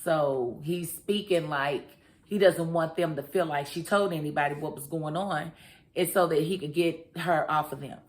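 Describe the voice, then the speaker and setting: A woman's voice: low-pitched, moderate pace. A woman reviewing a TV drama episode in a chatty, slangy recap, talking straight to her viewers. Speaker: TV review vlogger. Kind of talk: casual recap chat.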